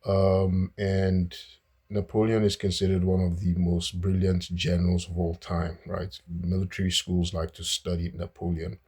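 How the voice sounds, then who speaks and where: A man's voice: sits low, flat delivery, a little slow, darkish tone, breathy edge. A man hosting a casual, unscripted history talk, with many fillers and restarts.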